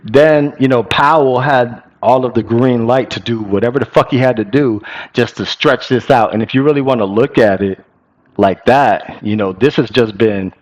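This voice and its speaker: A man's voice: medium pitch, moderate pace, highs cut off. Profane, blunt young man riffing on markets. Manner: profane, blunt and animated, slangy with "bro" and "y'all". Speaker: crypto channel host. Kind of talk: casual market commentary to viewers.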